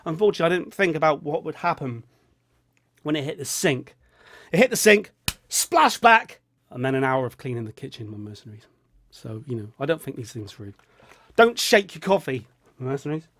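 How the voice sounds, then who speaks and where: A man's voice: no echo, clean studio sound. Rambling, jokey man vlogging. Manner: rambling, jokey, drops into a low mutter on a catchphrase. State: feeling ill. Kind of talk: rambling casual vlog.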